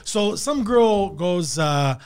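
A man's voice: high-pitched, expressive, slow, a little mellow, smooth. A middle-aged man from Canada, a comedian hosting a casual podcast chat, rambling and swearing and laughing often.

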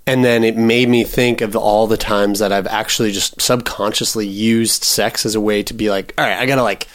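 A man's voice: on the low side, flat delivery, normal speed. A man co-hosting a podcast, telling a long personal story in a casual, rambling way with many fillers and restarts. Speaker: podcast co-host.

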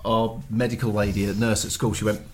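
A man's voice: fairly low pitch, level tone, fairly quick, darkish tone, slight background noise. An older man telling long, rambling stories full of ums and restarts in casual family podcast chat. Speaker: podcast co-host, father.

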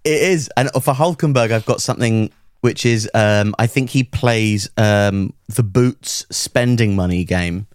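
A man's voice: lowish voice, measured pace, hardly any pauses, smooth, no echo, studio quality. A British man co-hosting a podcast, chatting casually with giggly, self-deprecating humour. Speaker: podcast co-host. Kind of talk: casual comedic chat.

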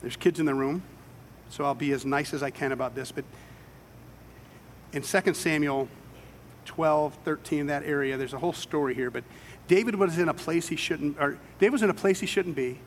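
A man's voice: fairly high pitch, normal speed, slight background noise. A man preaching a sermon, retelling scripture stories with dramatic quoted voices. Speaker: pastor. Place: church sanctuary with children present.

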